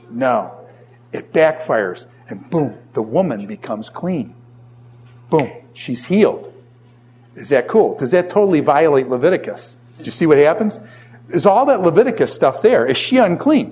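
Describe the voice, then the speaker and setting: Man, middle-aged, Bible teacher, classroom lecture, asks and answers his own questions, animated storytelling. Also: a little high. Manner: animated storytelling with jokes and asides.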